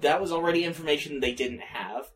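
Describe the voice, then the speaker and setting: A man's voice: fairly high pitch, fast talker, recorded from a distance, rough recording. A young man co-hosting a podcast, chatting casually with a wry, teasing manner. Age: young adult. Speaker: podcast co-host. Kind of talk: casual chat.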